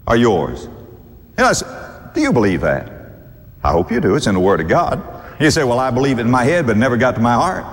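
A man preaching a sermon, fervent and warm to his listeners, swinging from soft asides to loud, high exclamations and chuckling between points. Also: sing-song, fairly quick, pauses often, big-room sound.

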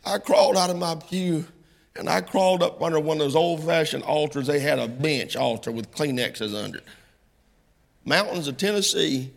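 Middle-aged male preacher, high and gravelly, bright-edged, folksy sermon that builds to impassioned peaks, long hall reverb. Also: normal speed.

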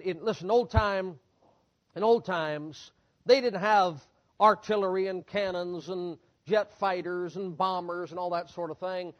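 A man's voice: high-pitched, dull audio. A man preaching a sermon in an emphatic, repetitive cadence that builds through lists and rhetorical questions.

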